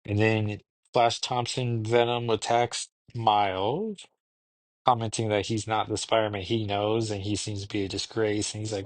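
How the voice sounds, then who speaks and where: Male podcast host, lower register, dry booth sound; loose, chatty, thinks aloud. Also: level tone, normal speed, no room sound. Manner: rambling, thinking aloud with ums. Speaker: podcast host reviewing comics. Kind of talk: casual recap.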